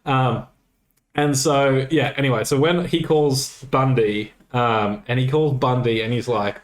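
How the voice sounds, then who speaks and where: A man co-hosting a podcast, retelling a night out in a loose, swearing, animated way with quoted dialogue. His voice sits at an ordinary middle pitch. The room around him rings with a noticeable echo. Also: unhurried. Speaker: podcast co-host. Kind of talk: casual storytelling chat. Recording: roomy echo.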